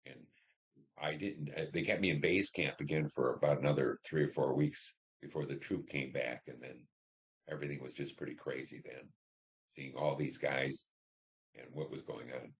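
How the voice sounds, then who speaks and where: Very deep-voiced older veteran man. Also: fairly even intonation. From Detroit, Michigan. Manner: halting, reflective storytelling with many fillers. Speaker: Vietnam veteran interviewee. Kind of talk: oral history interview.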